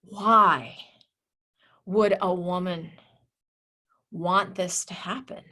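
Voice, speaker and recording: A woman's voice: on the low side, steady tone, extremely slow, bright, forceful tone, exaggerated voice. A woman voicing a puzzled teenage boy student who keeps pressing his question. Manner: insistent, questioning.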